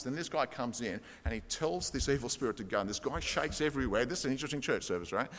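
A man's voice: a little high, animated, fast talker, hardly any pauses, a bit bright. A man preaching a sermon, telling a story and reading quoted passages aloud with rising intensity. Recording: long hall reverb.

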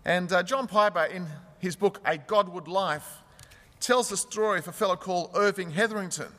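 Man preaching a sermon, earnest storyteller, highish voice, echoey church. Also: fairly quick, fairly bright tone. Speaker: pastor.

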